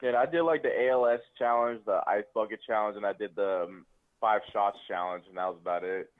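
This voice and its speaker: A man's voice: fairly low pitch, fairly even intonation, fairly quick, dry recording. A man co-hosting a radio show, laid-back and laughing a lot in casual chat. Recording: tinny phone-like line.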